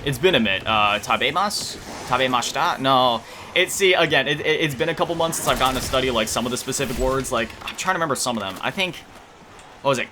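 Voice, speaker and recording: Against a noisy background, a gaming video creator with a mid-range voice talks casually over gameplay. His chat rambles, with frequent self-corrections, plenty of filler words, and self-mocking chuckles.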